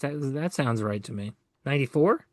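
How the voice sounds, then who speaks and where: Rambling man with an expressive voice. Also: medium pitch, moderate pace, a crowd in the background. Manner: rambling, builds to mock outrage. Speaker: podcast co-host. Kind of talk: casual chat.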